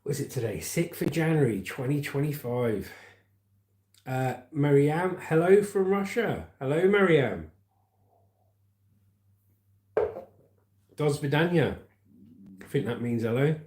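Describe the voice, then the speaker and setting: A man's voice: mid-range voice, lively intonation, normal speed, a little mellow, reverberant. A man with a southern English accent hosting a casual livestream, reading viewer comments aloud and chatting back with a friendly, laid-back manner. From England. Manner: chatty, calls viewers mate, laughs at comments. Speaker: livestream news host.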